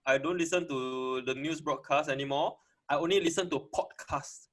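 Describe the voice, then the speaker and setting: Fast-talking energetic Singaporean man. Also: fairly high pitch. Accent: Singaporean English. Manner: energetic, talks fast, laughs through his lines. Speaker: co-host. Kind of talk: casual chat.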